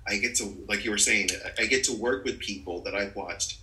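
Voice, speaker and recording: A man, an actor, talking about his career as a guest in a relaxed podcast conversation, laughing often as he tells stories. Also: fairly low pitch, brisk, rough recording. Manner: laughs often, animated storytelling. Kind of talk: casual conversation.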